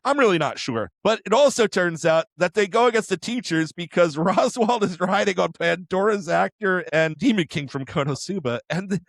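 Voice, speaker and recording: A man co-hosting an anime podcast, retelling episodes in an animated way with quick character impressions and frequent laughs. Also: high-pitched, vocal fry, no room sound. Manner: laughs often. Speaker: podcast co-host. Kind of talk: casual anime discussion.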